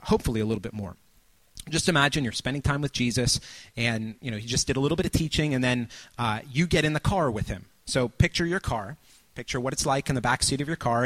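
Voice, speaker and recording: A man preaching a sermon, telling a vivid story that he acts out with sudden loud cries and hushed, quiet lines. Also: mid-range voice.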